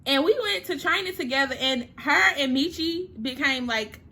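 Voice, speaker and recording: A woman's voice: sits high, animated, normal speed, pushed and bright. A young woman, chatting casually through a storytime while doing her makeup, emotional and at times close to tears. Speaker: makeup vlogger.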